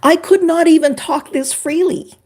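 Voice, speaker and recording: An older woman from Canada, a former couples therapist, chatting on a livestream in an animated way and greeting viewers by name. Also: very high-pitched, normal speed. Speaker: relationship expert on a livestream. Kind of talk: casual livestream chat.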